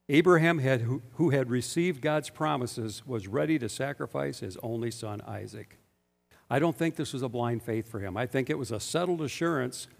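A man's voice: medium pitch, vocal fry. A man preaching a sermon. He speaks emphatically and keeps asking the congregation rhetorical questions, and the recording has a long hall reverb. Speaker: pastor.

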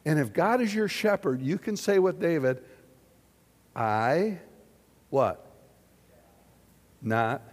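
A man preaching a sermon in an auditorium, drawing answers from the audience and swinging from loud declarations to hushed questions. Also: on the high side, takes it slowly, long pauses, big-room sound. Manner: animated, questioning the audience, big swings in loudness. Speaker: pastor.

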